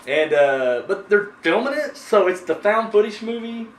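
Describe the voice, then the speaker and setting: A man hosts a horror movie review show, rambling casually with plenty of fillers and profanity. His voice sits fairly high. He is caught at a distance in an echoey room under faint noise. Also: animated, normal speed. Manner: rambling, swears freely, frequent fillers. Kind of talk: casual chat.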